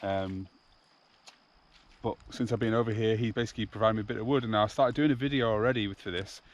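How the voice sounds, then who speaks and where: A British man hosting a casual outdoor vlog at a woodland campsite, chatty and relaxed, laughing easily. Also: on the low side, quick pace, lo-fi sound, slight background noise. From United Kingdom. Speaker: channel host.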